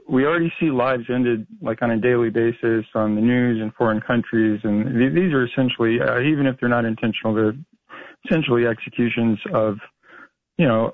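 A man's voice: mid-range voice, dry recording. Joking male caller on a phone line. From Florida. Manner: joking, hesitant with fillers. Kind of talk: call-in radio chat.

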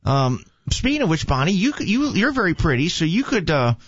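A man's voice: fairly high pitch, big pitch swings, a little fast, breathy edge, no echo. A man chatting casually, telling rambling joking stories. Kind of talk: casual chat. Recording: dull lo-fi sound.

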